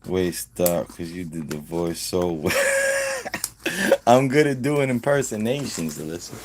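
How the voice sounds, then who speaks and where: Deep-voiced man chatting on a live stream. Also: moderate pace. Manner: loose, profane, talks to chat by name. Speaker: livestreamer. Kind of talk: casual live stream chat. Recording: background noise.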